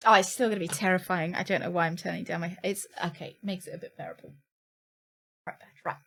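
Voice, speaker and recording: A woman's voice: fairly low pitch, steady tone, quick pace, vocal fry, fairly bright tone. A woman streaming a horror game live, talking to herself and her chat with nervous, jittery laughter.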